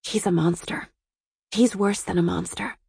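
A woman voicing a soft-spoken, guarded woman who is weary and lovelorn, in a quiet, hushed delivery. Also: mid-range voice, fairly even intonation, normal speed, vocal fry, husky, dry recording, studio quality. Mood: subdued.

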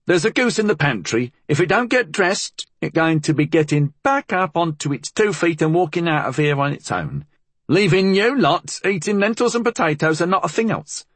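A sharp-tongued middle-aged cook woman, put on by a male audiobook narrator, her voice pitched high above his own and tight with scolding. The husky grain of the reader still runs under her, and she is read in a dry, close room. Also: sing-song, moderate pace, no echo. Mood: indignant.

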